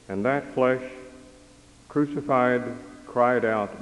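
A man, preaching a sermon as worship leader in a slow, measured way. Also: mid-range voice. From Texas. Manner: slow, deliberate, measured delivery. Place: chapel with long reverb. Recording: long chapel reverb.

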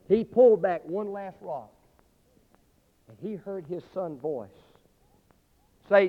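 A high-voiced male preacher telling a sermon story, dramatic and swinging between loud and hushed passages. The recording is dull and lo-fi, and a long reverb hangs in the hall. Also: measured pace, pauses often.

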